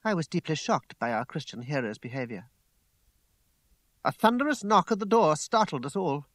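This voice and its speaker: A man narrating a story aloud with expressive, character-voiced storytelling. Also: a little high, moderate pace, no echo. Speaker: audiobook reader.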